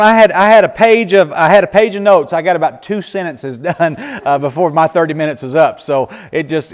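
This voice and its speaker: A man, a missionary preacher, telling stories casually to a congregation, animated and laughing often with many restarts. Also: fairly high pitch, in a large hall.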